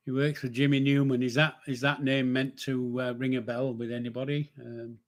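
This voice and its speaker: Older bloke rambling thru a live chat, jokey, lots of ums, normal pitch. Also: male voice, flat delivery, moderate pace. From northern England. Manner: chatty, rambling, jokey, with frequent fillers and self-corrections. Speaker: livestream host reading chat. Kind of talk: casual live-stream chat.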